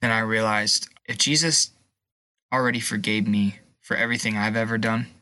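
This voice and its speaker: A young man sharing a personal testimony in an interview, emotional and halting, at times tearful. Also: on the low side, steady tone, bright, forceful tone, no echo. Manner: emotional, halting, pauses and restarts. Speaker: guest.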